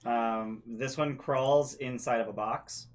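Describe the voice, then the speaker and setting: A man's voice: mid-range voice, steady tone, takes it slowly. A man acting as game master, describing scenes hesitantly and with many fillers. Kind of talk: running a tabletop game.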